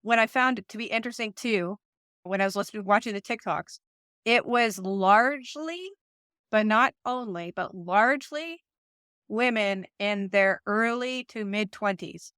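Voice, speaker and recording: A woman in her forties chats casually on a podcast, winding through her thoughts with asides and restarts. Her voice is smooth and resonant, and it sits at a middling pitch. The recording is close and dry, with no room sound. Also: a little slow, a bit bright, no echo. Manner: chatty, talks things through with many asides and restarts. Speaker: podcast co-host. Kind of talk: casual conversational podcast chat.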